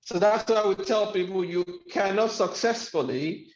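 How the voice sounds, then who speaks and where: A man whose voice sits high speaks at a moderate pace in a motivational webinar lecture on life skills. He talks emphatically, repeating key phrases for effect, in an echoey room with dull lo-fi sound.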